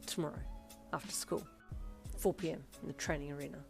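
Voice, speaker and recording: A woman's voice: sits low, steady tone, fairly quick, creaky, music in the background, voice pushed down. A woman voicing a brash, aggressive teenage boy fighter who growls and barks commands. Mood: gruff.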